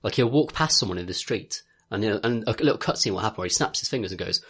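A man's voice: medium pitch, sing-song, fast talker, hardly any pauses, a bit bright, slightly rough. A young man co-hosting a casual podcast chat, rambling with lots of fillers and laughter. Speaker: podcast co-host.

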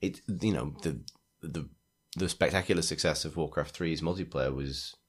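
A man with a very low voice co-hosting a casual games podcast. He rambles, restarts his sentences and keeps circling back to his point in easy conversation. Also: moderate pace, slightly rough. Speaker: podcast co-host. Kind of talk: casual chat.

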